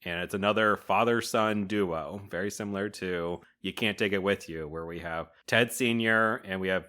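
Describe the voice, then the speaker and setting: A man's voice: deep voice, moderate pace, sharp tone, smooth. A man co-hosting a podcast, recapping an old film in casual chat, laughing often and swearing loosely. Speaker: podcast co-host.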